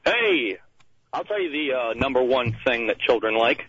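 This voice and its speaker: A man calling in to a radio show, making dry jokes in a deadpan way over the phone. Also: mid-range voice, normal speed, highs cut off, noisy background. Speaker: caller. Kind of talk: call-in radio chat. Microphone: telephone.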